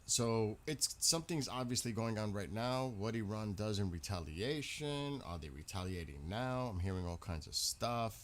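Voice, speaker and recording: Male streamer, low voice, casual rambling chat to viewers. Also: expressive, moderate pace, few pauses, slight background noise. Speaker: live streamer.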